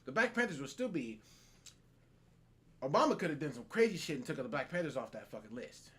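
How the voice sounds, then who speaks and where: A man hosting a casual podcast, talking in an animated, profane way and laughing often. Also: on the high side, fairly quick. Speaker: podcast host.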